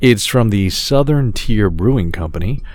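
Deep-voiced man, teasing and drinking. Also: lively intonation, moderate pace, darkish tone. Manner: teasing, joking remarks. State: drinking beer. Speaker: podcast co-host. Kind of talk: casual chat.

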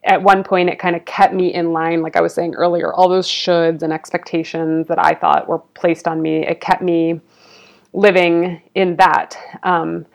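A woman's voice: fairly low pitch, creaky. A woman guest speaking in a reflective, earnest way, with frequent fillers. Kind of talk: conversational interview.

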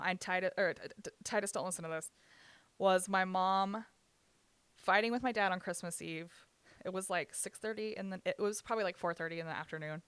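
A young woman recounts painful family memories in raw, candid talk, swearing freely and laughing through the hurt. Her voice is bright and crisp, recorded close and dry. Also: lowish voice, dry recording. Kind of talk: candid personal storytelling.

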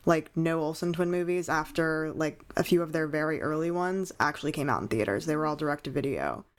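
Young woman, animated podcast co-host. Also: low voice, brisk. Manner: animated, incredulous, many fillers. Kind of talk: casual chat reviewing a movie.

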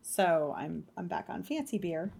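A woman's voice: on the low side, sing-song, a little slow, gravelly, darkish tone, a little hiss or hum. A woman co-hosting a podcast, chatting casually and laughing often. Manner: giggly, chatty, trailing off. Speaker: podcast co-host. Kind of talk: casual chat.

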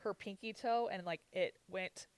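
A woman's voice: mid-range voice, moderate pace, dry recording. A young woman telling gossipy family stories in casual chat, with lots of laughter and filler words. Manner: storytelling with frequent laughs and "like" fillers. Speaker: podcast co-host.

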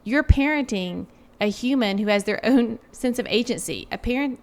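A woman's voice: a little high, normal speed. A woman in her forties, a guest author, talking reflectively in a casual interview with many filler words.

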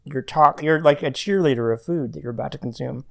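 A man's voice: medium pitch, a little fast, creaky, a bit bright. A man hosting a podcast, chatting casually with dry, wry humor. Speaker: podcast host. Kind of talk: casual chat.

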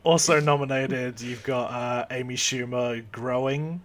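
A man co-hosting a casual review podcast, halting and laughing often. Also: medium pitch, fairly even intonation. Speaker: podcast co-host. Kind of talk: casual film review chat.

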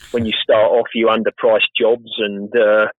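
A chatty man talks about his work in a relaxed, rambling way, poking fun at himself now and then. His voice sits on the low side. The sound is thin and phone-like, with no room echo at all. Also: a little slow. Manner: chatty, rambling, self-deprecating. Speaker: guest, professional gardener. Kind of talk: casual interview chat. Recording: tinny phone-like line, dry.

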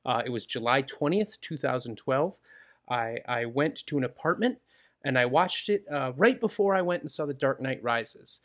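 A man's voice: mid-range voice, moderate pace, a bit bright. A man co-hosting a movie podcast, telling chatty stories. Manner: chatty, nostalgic storytelling. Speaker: podcast co-host. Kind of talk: casual podcast chat.

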